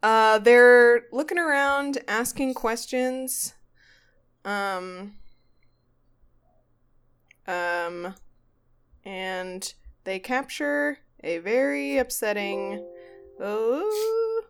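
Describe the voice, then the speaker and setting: A woman hosting a podcast in casual comedic chat, animated, swearing freely and acting out quotes. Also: fairly high pitch, extremely slow, pauses often, smooth. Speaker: podcast host. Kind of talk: casual comedic chat recapping a ghost show.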